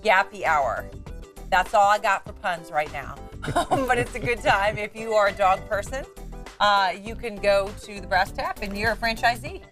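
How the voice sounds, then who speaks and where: A woman anchoring a weekend morning newscast, reading stories briskly with chatty asides, from a TV studio. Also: medium pitch, fairly bright tone, faint music behind. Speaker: news anchor.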